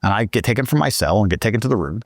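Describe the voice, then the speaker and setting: Profane, animated male storyteller. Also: fairly low pitch, racing, breathy edge, dry recording, studio quality. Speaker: guest storyteller. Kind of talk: casual storytelling.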